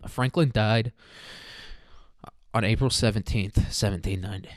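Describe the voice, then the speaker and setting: A man's voice: on the low side, normal speed, no room sound. A young man hosting a casual solo podcast, rambling, profane and jokey. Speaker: podcast host.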